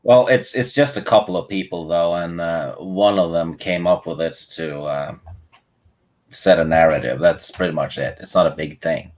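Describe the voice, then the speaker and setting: A man's voice: low voice, moderate pace, a little mellow. A man co-hosting a casual chat, laid-back with dry jokes. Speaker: co-host.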